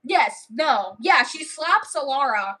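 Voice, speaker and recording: A woman on a livestream rambles through a made-up story, full of fillers and restarts. Her voice is high and bright. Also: lively intonation, slow, rough recording.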